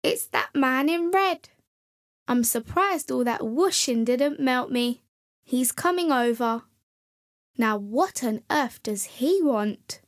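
A woman's voice: high-pitched, lively intonation, takes it slowly. Woman doing a grumbling grumpy snowman. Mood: gloomy. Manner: moaning, complaining.

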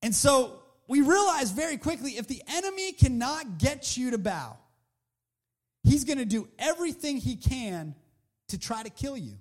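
A man preaching a sermon in an animated, conversational way, acting out the people he quotes. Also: very high-pitched, moderate pace.

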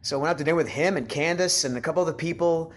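A man, an actor who is a guest on a podcast, recalling past work in a reflective, soft-spoken way, with stammered restarts. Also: fairly high pitch, rapid-fire, a little hiss or hum. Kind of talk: casual chat.

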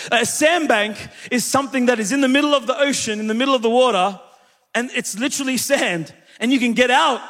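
An unusually high-voiced male pastor tells a story to his congregation with lively energy, calling out questions to the room. His sermon echoes with the long reverb of a church hall.

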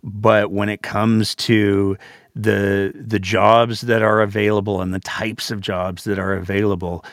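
A man with a somewhat low voice hosts a political podcast, talking casually. He tends to ramble and circle back. The recording is dry and close. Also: little pitch movement, measured pace, no echo. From Alberta, Canada. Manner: rambling, with fillers and restarts. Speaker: podcast host.

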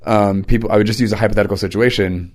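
A man's voice: on the low side, steady tone, racing, a little mellow. A man hosting his own podcast, telling stories in a loose, rambling, chatty way. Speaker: podcast host; teacher and preacher. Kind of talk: casual podcast chat.

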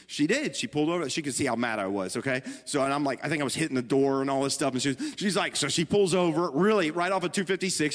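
A middle-aged male pastor with a fairly high voice tells a story in a sermon, joking at his own expense and turning to the congregation as he talks. His voice rings out with a long reverb, as in a large hall. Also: fairly bright tone. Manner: storytelling, self-deprecating humor, addresses the congregation and his wife.

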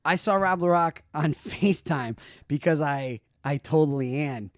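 A man hosting a podcast in a studio, telling stories in a lively, profane way and acting out the scenes. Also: on the high side, a little slow, dry recording. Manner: animated, profane, acts out scenes. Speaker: podcast host. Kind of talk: casual podcast storytelling.

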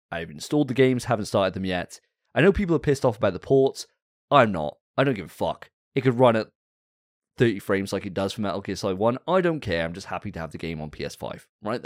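A man's voice: fairly low pitch, no room sound, studio quality. Fired-up swearing man. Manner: profane, fired-up ranting. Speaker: podcast co-host. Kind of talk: casual gaming podcast chat.

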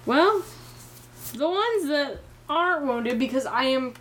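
A woman's voice: high voice, animated, slow pace, fairly bright tone, slight background noise. A woman playing in a tabletop game, matter-of-fact and focused on the rules. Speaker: player.

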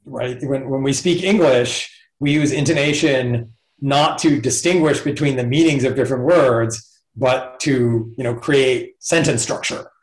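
A man's voice: mid-range voice, measured pace. A man, a professor guest in a casual interview, explaining ideas thoughtfully and step by step. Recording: roomy echo.

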